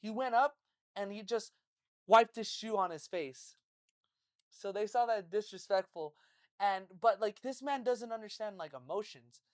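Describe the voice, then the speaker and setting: A woman co-hosting a casual chat, telling a story in an animated way, swearing and laughing a lot. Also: medium pitch, a little slow, no room sound, clean studio sound. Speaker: podcast co-host.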